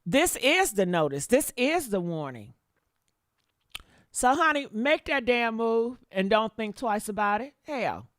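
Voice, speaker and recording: A woman's voice: a little high, big pitch swings, unhurried, no echo, studio quality. A woman giving blunt, profane, sassy commentary on a livestream, calling her listeners honey. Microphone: desktop mic.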